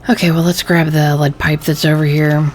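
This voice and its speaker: A woman's voice: deep voice, flat delivery, normal speed, a little hiss or hum. A woman hosting a let's play, thinking aloud and reading game text aloud, easily irritated by the game. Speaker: gaming channel host.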